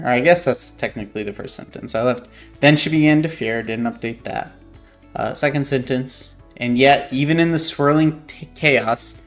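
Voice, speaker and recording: A man's voice: medium pitch, a bit bright. A man, an author, reading passages from his own novel aloud and explaining his edits in a thoughtful, hesitant way, often correcting himself.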